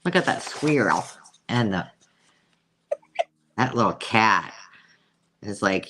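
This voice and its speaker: Chatty host with a lively, swooping voice. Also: mid-range voice, takes it slowly, pauses often, slight background noise. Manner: chatty, self-mocking, coos over pictures. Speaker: host selling vintage books. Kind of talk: casual live sale chat.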